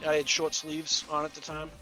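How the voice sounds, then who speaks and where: A police officer telling rambling, profane stories in casual game voice chat, often laughing. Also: male voice, on the high side, monotone, moderate pace, bright, forceful tone, soft background music.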